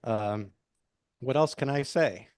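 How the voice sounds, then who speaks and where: A man hosting a cafe open mic, making announcements with lots of halting fillers. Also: mid-range voice, darkish tone, no room sound, clean studio sound. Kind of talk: event announcements. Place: small cafe.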